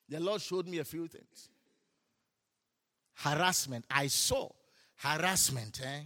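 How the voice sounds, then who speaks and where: A man preaching a sermon, telling stories with laughs and shouting his declarations. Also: a little high, measured pace, long pauses. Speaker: pastor. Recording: hall reverb.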